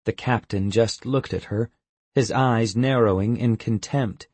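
A man narrating an audiobook in a measured, expressive way. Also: lowish voice, slightly rough, no room sound.

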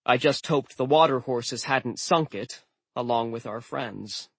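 A man narrating a novel in the first person with a steady, wry, measured delivery. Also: mid-range voice, gravelly, breathy edge, no room sound. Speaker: audiobook narrator.

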